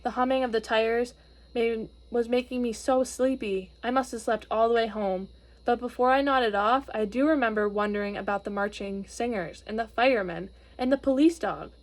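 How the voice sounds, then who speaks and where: A woman reading a storybook aloud to children, expressive and gently explaining. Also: on the high side, normal speed.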